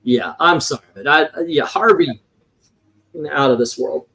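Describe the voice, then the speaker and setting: A man with a fairly high voice hosts a casual film chat. He talks in an animated, loose way and swears freely now and then. His delivery is excitable and conversational. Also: measured pace. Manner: animated, swears casually, reads movie quotes aloud. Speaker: podcast co-host. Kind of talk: casual chat about classic films.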